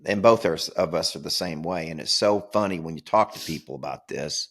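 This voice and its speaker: An older man hosting a casual podcast, telling animated stories and laughing often. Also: sits low, fairly quick. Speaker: podcast host.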